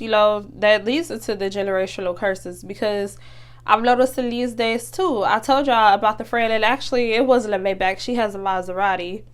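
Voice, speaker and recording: A young woman, hosting a casual motivational talk, chatty and earnest with many fillers and restarts. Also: mid-range voice. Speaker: podcast host.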